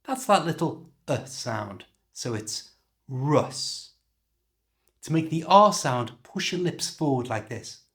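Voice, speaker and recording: A man with a British accent teaching English pronunciation in a slow, clear, demonstrating way. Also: fairly high pitch, big pitch swings, a bit bright. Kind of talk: scripted pronunciation lesson.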